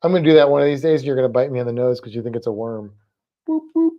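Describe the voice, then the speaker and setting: A woman's voice: extremely low pitch, lively intonation, rapid-fire, highs cut off. A woman co-hosting a casual livestream, playful and chatty, making silly noises and baby talk to a pet. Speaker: livestream co-host.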